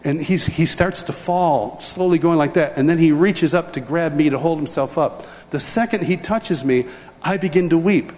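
A man's voice: a little high, moderate pace. A man giving a humorous personal testimony, acting out scenes as he tells them. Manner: animated, acts out scenes and voices. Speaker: speaker telling a personal testimony. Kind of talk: humorous storytelling talk. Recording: large hall reverb, faint ambience.

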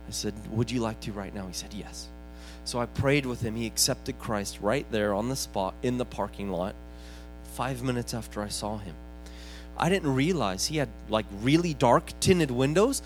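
A man preaching, telling a healing story with lively swings between excited bursts and hushed, quiet retelling. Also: sits high. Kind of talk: storytelling sermon.

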